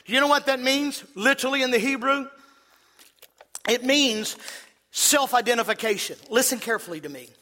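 A male pastor preaching a sermon, emphatic and building up to shouts. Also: very high-pitched, moderate pace. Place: church. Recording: long reverb of a church hall.

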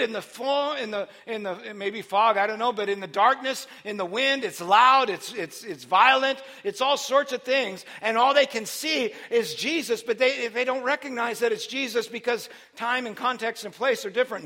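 A man preaching a sermon, moving between quiet teaching and loud, shouted preaching. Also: very high voice, normal speed, hardly any pauses.

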